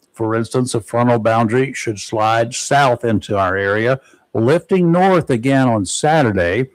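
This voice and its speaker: A man's voice: mid-range voice, dry recording, rough recording. A man hosting a local talk radio show, chatting with a caller and reading the weather. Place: radio studio.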